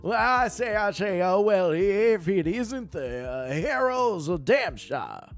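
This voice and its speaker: Casting: a man playing a battle-hardened king with a jittery Southern drawl, pitched up and slow. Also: lively intonation, soft background music, full character voice. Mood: drawling, courtly. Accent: American Southern drawl. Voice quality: jittery, drawn-out syllables.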